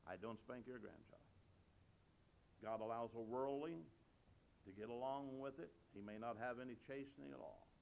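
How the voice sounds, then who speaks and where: A man's voice: mid-range voice, normal speed, vocal fry, a little hiss or hum. Older male preacher, emphatic sermon. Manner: emphatic, swings between loud and soft.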